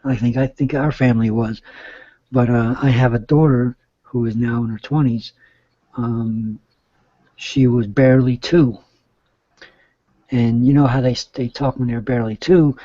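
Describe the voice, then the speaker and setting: Casting note: middle-aged male guest, rambling and mellow, dry lo-fi audio. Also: mid-range voice, steady tone, normal speed, dry recording. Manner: rambling, with many restarts. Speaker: guest caller. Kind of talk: casual chat. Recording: dull, dry lo-fi sound.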